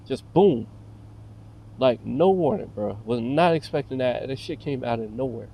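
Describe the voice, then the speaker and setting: Agitated man ranting, dark voice. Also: medium pitch, animated, a little slow, creaky, breathy edge, rough recording. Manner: profane, agitated storytelling, heavy fillers. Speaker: vlogger. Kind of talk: casual rant to camera.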